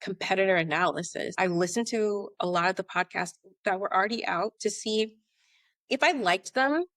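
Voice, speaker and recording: An American woman telling her story as a podcast guest, animated and conversational, acting out remembered dialogue. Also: mid-range voice, normal speed, dry recording, clean studio sound. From United States. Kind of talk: conversational interview.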